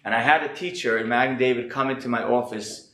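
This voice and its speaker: A man teaching a class as a rabbi, earnest and reflective, his voice a little hoarse from being sick. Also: mid-range voice, steady tone, fast, sharp tone, echoey room, poor audio. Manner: earnest, reflective, thinking aloud. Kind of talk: earnest lecture.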